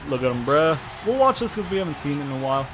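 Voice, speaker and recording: A man giving excitable, profane let's-play commentary, often repeating himself. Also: fairly high pitch, quick pace, music in the background. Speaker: gaming video host.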